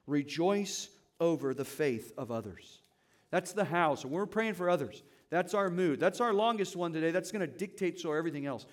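A man with a fairly high voice delivers a sermon to his church. He talks in a relaxed, conversational way. He keeps asking the congregation questions as he teaches. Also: normal speed. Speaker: pastor.

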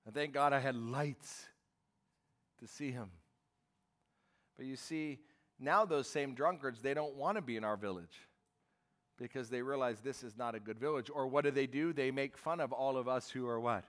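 A man preaching a sermon to a church congregation, emphatic and animated, asking the listeners questions and waiting for their answers. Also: medium pitch, normal speed, pauses often. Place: church service.

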